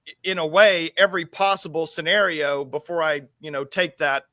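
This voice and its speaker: Bright high-voiced man, rambling. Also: steady tone, moderate pace, no echo. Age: adult with school-age kids. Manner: rambling, repeats words while thinking. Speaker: show co-host. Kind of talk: casual talk-show chat.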